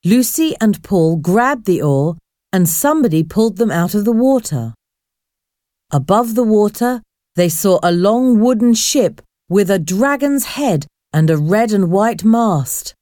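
A woman narrating a storybook at an unhurried, deliberate pace, with a lively rise and fall in her voice. The sound is dry and close. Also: medium pitch, no room sound.

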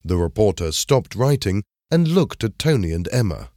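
A man reading a simple story aloud in clear, measured narration. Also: lowish voice, very animated, mellow, dry recording, clean studio sound. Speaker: storybook reader. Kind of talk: scripted narration of a graded reader.

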